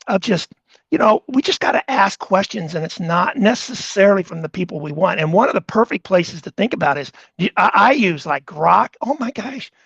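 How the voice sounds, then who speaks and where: A man's voice: sits high, animated, moderate pace, vocal fry, fairly bright tone, husky, no echo, lo-fi sound. A man hosting a podcast, telling a story in a rambling, casual way with many restarts. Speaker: podcast host.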